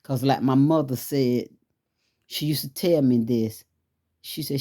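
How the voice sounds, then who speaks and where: A woman's voice: very deep voice, measured pace, long pauses, warm tone. A woman telling a fervent religious testimony, pleading and rising into cries as she recounts a dream. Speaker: testimony speaker.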